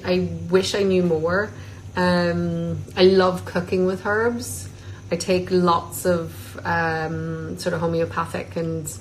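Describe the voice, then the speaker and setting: Relaxed woman doing a live Q&A. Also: lowish voice, a little hiss or hum, poor audio. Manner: reads questions aloud, many filler ums. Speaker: actress answering fan questions. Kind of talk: casual livestream Q&A. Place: in Scotland. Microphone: phone on a social media live stream.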